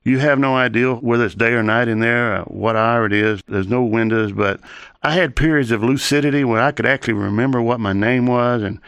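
A man's voice: medium pitch, a little fast, fairly bright tone, clean tone, no echo. A man giving an earnest personal testimony in an interview, telling his story in long chained sentences.

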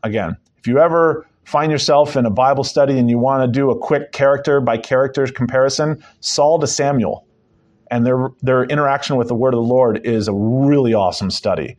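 Male preacher, casual Bible-study sermon delivery, emphatic with wry asides, average pitch. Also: fairly quick, darkish tone. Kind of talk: conversational sermon, Bible teaching.

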